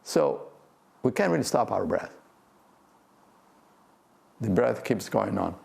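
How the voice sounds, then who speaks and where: An older man, a physics professor, gives a gentle, playful guided talk on breath meditation and laughs often. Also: on the low side, big pitch swings, slow, gravelly. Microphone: video talk to a remote audience.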